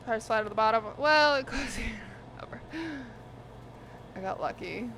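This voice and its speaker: A woman hosts a cooking live stream from her home kitchen, chatting casually and bluntly with viewers as she eats, swearing freely and sometimes talking with her mouth full. Her voice is fairly high at a normal speed, with background noise.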